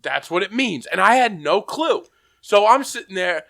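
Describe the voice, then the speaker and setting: A young man on a casual podcast, telling an animated story and acting out what people said. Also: sits high, normal speed, creaky. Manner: animated storytelling, acts out quotes, laughs often. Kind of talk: casual chat.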